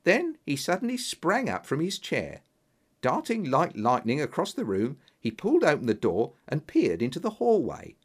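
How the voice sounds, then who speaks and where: A man narrating an audiobook with a clear, expressive reading. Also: a little high, normal speed.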